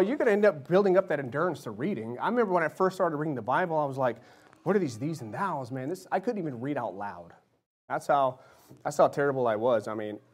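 A man in his thirties preaching a casual sermon, conversational, often checking in with "right?" and "amen?", sometimes acting out little voices and dropping soft and low.

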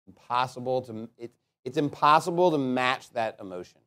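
A man preaching a sermon, reading scripture aloud and breaking into animated commentary, rhetorical questions and chuckling asides. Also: mid-range voice, a little fast. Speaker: pastor.

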